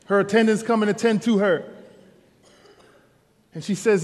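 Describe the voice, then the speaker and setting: High-voiced preacher man in a church hall. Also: normal speed. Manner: casual, animated storytelling preacher. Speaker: pastor. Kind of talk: sermon. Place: church sanctuary.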